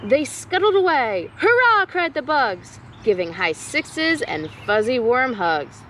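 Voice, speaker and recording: A young woman educator reads a rhyming picture book aloud for kids, slow and unhurried. Her voice is high and sings up and down with each line. Faint outdoor noise hums behind her. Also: big pitch swings, poor audio. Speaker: nature educator.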